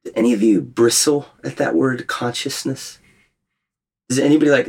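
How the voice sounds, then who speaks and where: A man leading a group retreat, teaching in a thoughtful, gently questioning way. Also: medium pitch, fairly even intonation, normal speed, creaky. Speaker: retreat leader. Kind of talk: reflective spiritual teaching.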